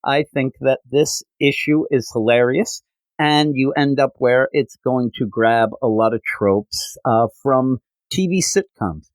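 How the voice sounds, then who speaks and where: A man's voice: mid-range voice, no echo, low-quality recording. Man casually recapping comics, dry sound. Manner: animated recap, frequent fillers. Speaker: podcast host. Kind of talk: casual comic book review.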